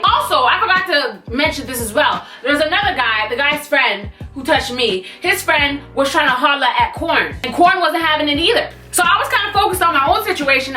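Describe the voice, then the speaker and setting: A young woman in her twenties, a vlogger telling a storytime tale in an animated, sassy way with blunt slang. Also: high voice. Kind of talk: storytime vlog. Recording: echoey room, mic at a distance, faint music.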